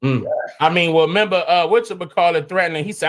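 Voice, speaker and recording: A man with a strikingly high speaking voice chats fast on a casual live stream, using loose slang and tripping over his words before starting again. Every so often he bursts into excited disbelief.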